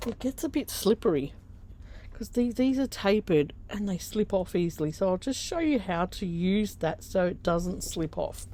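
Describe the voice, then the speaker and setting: Slow, mellow Australian woman crafting. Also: fairly low pitch, vocal fry. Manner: chatty, laughs often, rambling asides. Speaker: craft vlogger. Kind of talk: casual craft tutorial.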